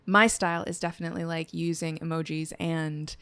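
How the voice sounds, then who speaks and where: A woman's voice: low voice, flat delivery, fairly quick, fairly bright tone, clean tone, dry recording. Giggly chatty woman co-host. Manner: giggly, chatty, swears casually. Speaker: podcast co-host. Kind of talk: casual chat.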